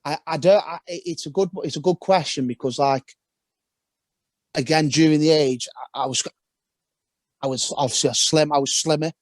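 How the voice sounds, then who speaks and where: A man's voice: fairly high pitch, normal speed, long pauses, no room sound. A young man, a former footballer, talking casually as a podcast guest in a rambling storytelling way with frequent restarts.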